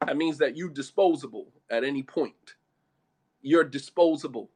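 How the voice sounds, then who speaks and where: Speaking on marriage, this Islamic speaker is blunt and emphatic, mixing street slang with Arabic phrases. His voice is a little high, a little mellow, and slightly rough, at a moderate pace.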